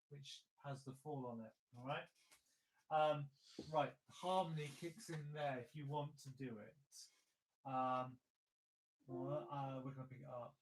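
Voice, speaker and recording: A man leading an online choir rehearsal, patiently breaking the lines into syllables and speaking each phrase slowly as an example. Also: medium pitch, steady tone, faint music behind, poor audio. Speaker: choir leader. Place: home, remote rehearsal. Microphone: video call.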